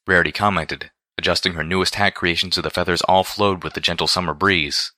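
Male story reader, very low pitch, bright forward tone, steady storytelling. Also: a little fast, few pauses, dry recording, studio quality. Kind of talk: fan fiction read aloud.

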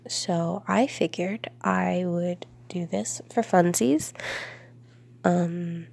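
Congested young woman, slow and gravelly. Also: fairly low pitch. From Florida. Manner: soft, drifting into whispers, laughs between answers. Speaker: vlogger. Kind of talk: casual talk to camera.

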